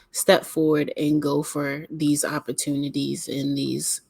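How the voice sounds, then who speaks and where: A woman hosting a podcast in casual chat, asking questions in a soft, laid-back way. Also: low voice, vocal fry, slightly rough, dry recording. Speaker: podcast host.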